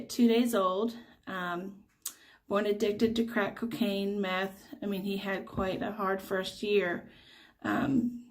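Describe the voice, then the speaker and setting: A middle-aged woman tells a personal faith testimony at an ordinary pitch. She speaks earnestly and haltingly, with frequent ums and restarts. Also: a little mellow. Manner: earnest, halting storytelling with many fillers. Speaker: mother sharing a testimony.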